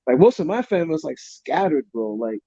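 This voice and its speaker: A man from New York with a New York accent, co-hosting a casual sports podcast in animated, slangy banter. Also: a little high, a little fast, no room sound. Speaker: podcast co-host. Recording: dull lo-fi audio.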